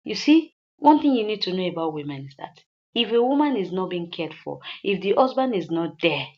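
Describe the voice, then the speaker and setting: A woman's voice: mid-range voice, big pitch swings, fairly quick. A woman recounting an earnest, devoted man's words to a rival husband, repeating lines for emphasis, in a slightly dull lo-fi recording. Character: devoted younger man advising a rival husband.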